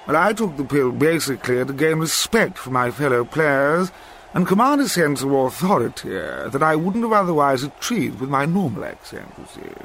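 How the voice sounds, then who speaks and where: Brief: prim posh footballer, higher voice, faint noise behind , played by a man. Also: sing-song, normal speed, a bit bright.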